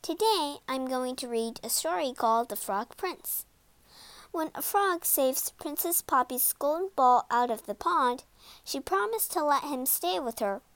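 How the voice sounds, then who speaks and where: A young reader introducing herself and reading a children's storybook aloud, giving the characters voices. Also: female voice, high-pitched, lively intonation, unhurried, a bit bright, no echo.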